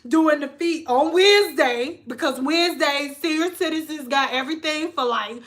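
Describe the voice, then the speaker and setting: A woman vlogger telling a story in casual chat, animated and laughing, often mimicking other people's voices. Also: high voice, normal speed.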